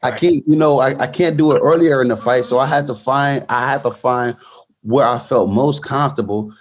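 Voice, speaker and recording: A man's voice: medium pitch, moderate pace. A man, a boxer as guest, telling a fight story in casual interview talk with many restarts and fillers. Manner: many restarts, storytelling, fillers like "you know what I'm saying".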